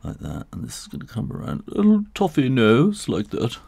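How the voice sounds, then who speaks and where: A man's voice: mid-range voice, huge pitch swings, brisk, creaky, darkish tone, breathy edge, dry recording. A man who illustrates books, talking through a live drawing tutorial in a chatty, rambling way with frequent chuckles, working in a studio next to his house. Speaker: illustrator and author.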